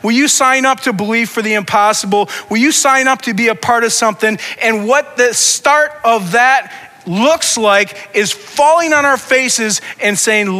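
A man's voice: very high-pitched, unhurried, pushed and bright. A man preaching a sermon as pastor, with impassioned, repetitive preaching that builds in intensity. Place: church sanctuary. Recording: long reverb of a church hall.

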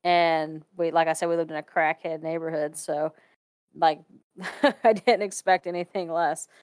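Ohio lady telling a ghost story, laughs a lot, does little voices, clear voice, dry close mic. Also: low-pitched, measured pace, dry recording. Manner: animated, laughs often, acts out quoted voices. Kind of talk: casual storytelling.

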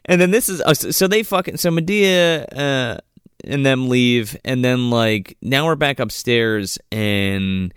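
A man's voice: mid-range voice, unhurried, a bit bright, clear, resonant tone, dry recording, studio quality. A man casually recapping a movie with friends, rambling and swearing, jumping into quoted voices. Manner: rambling, profane, acts out characters in quotes.

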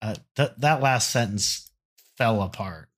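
A man's voice: lowish voice, a little slow, husky. A man co-hosting a casual podcast, reading song annotations aloud in a mocking, sarcastic way. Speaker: podcast co-host.

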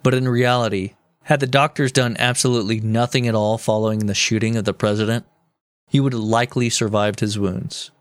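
A man's voice: fairly low pitch, fairly even intonation, fairly quick, no echo. A man co-hosting a comedy history podcast, telling the story in a joking, mock-serious way with casual swearing. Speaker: podcast co-host.

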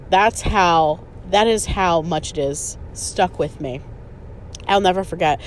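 A woman's voice: lowish voice, slow, a little hiss or hum. Chatty sarcastic woman in her thirties. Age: 30s. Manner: chatty, sarcastic, swears freely, fond of "like". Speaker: podcast host. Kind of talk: casual storytelling monologue.

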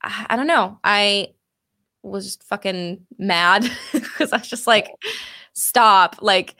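A woman's voice: mid-range voice, a little slow, pushed and bright. A woman chatting candidly on a podcast, swearing freely and leaning on "like". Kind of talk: casual chat.

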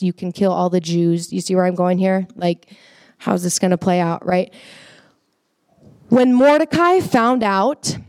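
A woman teaching children a Bible story in a casual, animated way, often checking in with her listeners. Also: mid-range voice, dry recording, studio quality. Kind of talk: animated storytelling lesson for kids.

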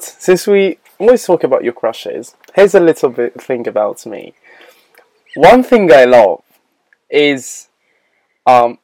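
A man's voice: mid-range voice, darkish tone, dry recording. A man hosting a podcast, chatting casually and teasing his guest playfully. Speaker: podcast host.

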